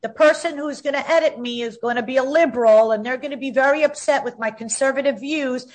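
A woman's voice: sits high, fast talker. A woman in her fifties talking as an interview guest, outspoken and combative, repeating herself when heated. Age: 50s.

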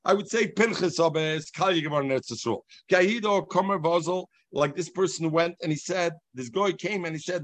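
A man teaching a Talmud class, explaining each passage in a sing-song, animated way and mixing in Hebrew and Yiddish terms. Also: sits high, moderate pace, hardly any pauses, no room sound.

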